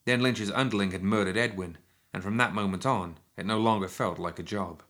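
Male narrator, scripted audiobook reading, low-ish voice, bright crisp tone, steady and measured.

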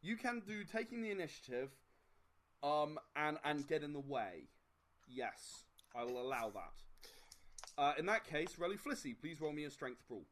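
Man, game master, tabletop game, lively swinging pitch, hesitant fillers. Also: normal speed, slight background noise. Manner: hesitant, filler-heavy, with sudden animated outbursts.

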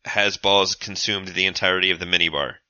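A man's voice: low voice, fairly even intonation, brisk, bright, forceful tone, smooth, no echo. A man narrating as game master of a tabletop game, with dry, teasing questions to the players. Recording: dull lo-fi mic.

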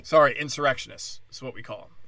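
A man's voice: mid-range voice, fast talker, sharp tone, no echo. A man hosting his own podcast alone, ranting with anger, swearing and sarcasm, and mocking others in put-on voices. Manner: angry, profane, sarcastic ranting. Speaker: podcast host and stand-up comedian. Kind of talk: solo ranting podcast monologue.

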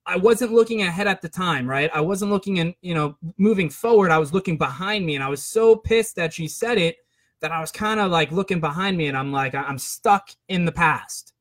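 A man's voice: fairly high pitch, fairly bright tone. A man telling a casual personal story to his viewers, rambling and venting his frustration, full of "right?" and "like". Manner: rambling, frequent "right?" and "like" fillers.

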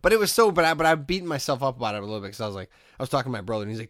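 Speaking very fast at medium pitch, a podcast co-host in his thirties comes through clean studio audio without any room sound. His casual, animated storytelling meanders and is riddled with "like."

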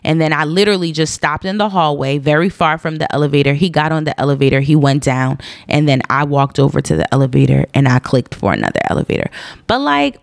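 A woman telling a personal story in a casual, animated monologue, stressing her points by repeating them. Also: lowish voice, vocal fry, no echo, clean studio sound. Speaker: storyteller recounting a personal incident.

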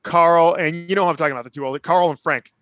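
A man co-hosting a casual TV recap podcast, retelling scenes with lively bits of acted dialogue. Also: fairly high pitch, very fast, no room sound. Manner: animated retelling, acts out characters' lines. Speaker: podcast co-host.

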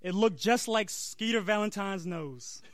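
A comedian reading a crude comic story aloud on stage, laughing and breaking off for asides. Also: male voice, high voice, unhurried, a bit bright, no room sound.

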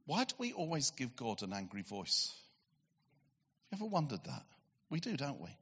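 Husky-voiced preacher in a reverberant hall. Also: male voice, medium pitch, moderate pace. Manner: animated storytelling, acting out voices; shifts from excited to hushed. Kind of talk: sermon.

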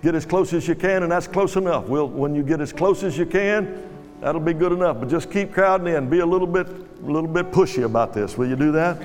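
A man's voice: a little high, brisk. A male guest pastor, preaching a sermon and urging the congregation with repeated commands. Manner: exhorting, repeats commands to a crowd. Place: large church hall. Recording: live church hall with reverb and music. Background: music and congregation.

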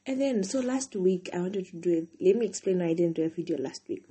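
A young woman hosts a casual solo podcast, sounding tired and yawning as she chats and rambles, dropping lots of "like" between thoughts. Her voice is on the low side, mellow and husky, with lively intonation and a fast delivery.

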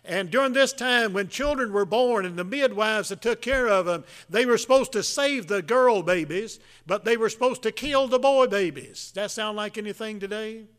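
A man preaching a folksy sermon, telling a Bible story in a halting way with many filler sounds. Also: high voice, smooth.

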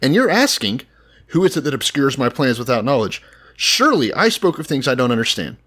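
A man's voice: mid-range voice, very animated, fairly quick, a bit bright, husky. A man casually and irreverently reading verses aloud and joking about them with a co-host. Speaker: podcast co-host. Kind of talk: casual profane chat reading scripture.

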